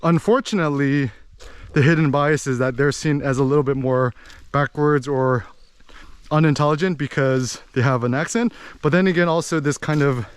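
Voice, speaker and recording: A man giving a rambling, animated casual monologue as a podcast host. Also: mid-range voice, smooth. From United States. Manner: animated, rambling, with many fillers.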